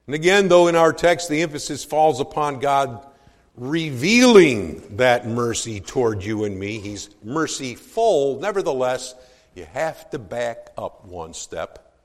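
A pastor preaching a sermon, moving from hushed, low passages to loud, emphatic declarations. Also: male voice, lively intonation, unhurried, in a large hall.

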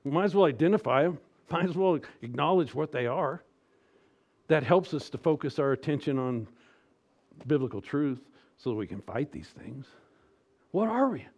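Middle-aged guy preaching, mid pitch, goes soft and breathy then gets loud and pushy. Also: normal speed. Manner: swings between hushed, near-whispered reassurance and loud, emphatic exhortation. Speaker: pastor. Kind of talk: sermon.

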